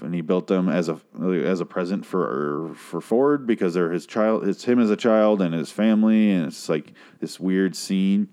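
A man's voice: low-pitched, warm tone, smooth. A man casually recapping a TV episode, rambling, sarcastic and swearing freely.

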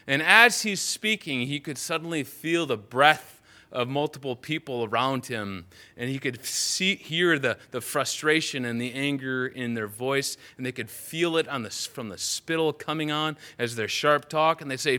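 A man's voice: mid-range voice, normal speed, sharp tone. A man preaching a sermon, retelling a Bible story vividly and often restarting phrases.

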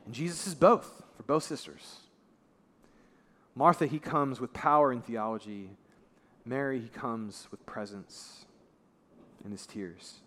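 A male pastor giving a sermon in a conversational way, dropping his voice low and soft for emphasis. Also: unhurried. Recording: long reverb of a large hall.

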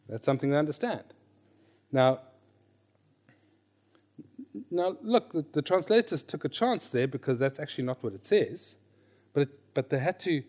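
A middle-aged man teaching a class on reading scripture. He is lively, questions his listeners, and repeats his key phrases. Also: medium pitch. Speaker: Bible teacher.

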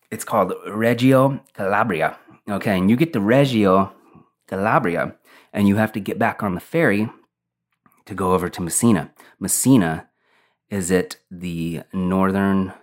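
A young man casually telling a long personal story, rambling and laid-back with lots of fillers. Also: lowish voice.

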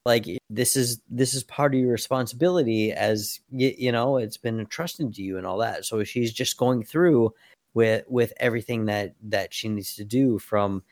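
A man's voice: medium pitch, normal speed, a little mellow, no room sound, clean studio sound. A man hosting a podcast, rambling casually about comics with lots of fillers. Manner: rambling, filler-heavy, laughs easily. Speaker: podcast host. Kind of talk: casual comic book discussion.

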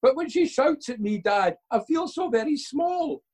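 A man's voice: very high-pitched, animated, normal speed, a little mellow, pitched above the performer's own voice. A father mimicking a tearful little schoolboy. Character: frightened schoolboy son, tearful and small.

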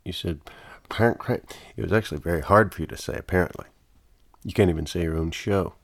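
A man's voice: low-pitched, fast talker, creaky, a bit bright, dry recording. A man co-hosting a comedic podcast, needling his partner in a dry way. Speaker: co-host.

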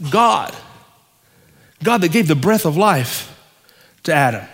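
Man, pastor, fervent sermon, rhythmic repetition, high voice, long reverb. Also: sing-song, slow, pauses often, fairly bright tone. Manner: fervent, rhythmic, repeating lists.

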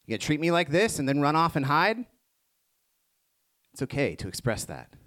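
A man preaching a sermon to a congregation, moving between hushed reflective passages and rising emphatic ones. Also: fairly high pitch, very animated, moderate pace. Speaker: pastor.

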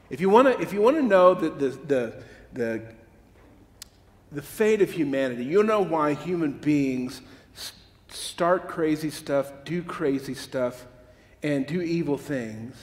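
A man delivers a sermon at an unhurried pace, his slightly high voice stressing words and often repeating them. He breaks off with quick asides to his listeners. His voice rings through a hall with long reverb. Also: expressive. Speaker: preacher.

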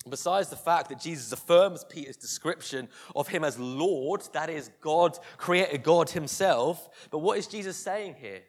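Guy preaching a sermon, kinda high voice, tells the story vivid, goes quiet n soft at the tender bits. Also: lively intonation, unhurried. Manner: vivid storytelling, dropping to a hush for tender moments.

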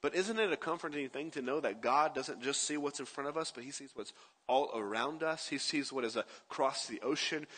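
A man's voice: mid-range voice, bright, forceful tone, long reverb tail. A man preaching a sermon as a pastor, in a conversational way, often asking his listeners "right?".

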